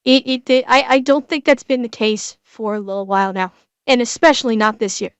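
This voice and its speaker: Woman, high voice, dry close sound, earnest, stumbling restarts, reaction commentary. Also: clear, resonant tone, dry recording. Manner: halting, with many restarts and repeated words; earnest and emotional. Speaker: streamer reacting to a video.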